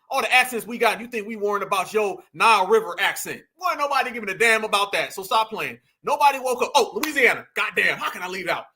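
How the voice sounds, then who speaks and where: A man's voice: very high voice, sharp tone. A middle-aged man, delivering a heated, preachy commentary rant and calling his listeners "fam". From United States. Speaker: online commentator.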